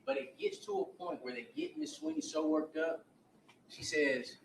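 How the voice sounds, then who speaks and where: Animated male attorney in an echoey courtroom. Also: very high voice, moderate pace, gravelly, a little hiss or hum. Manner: animated retelling that acts out quoted dialogue. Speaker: defense attorney. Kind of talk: opening statement to a jury. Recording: echoey courtroom audio from a distance.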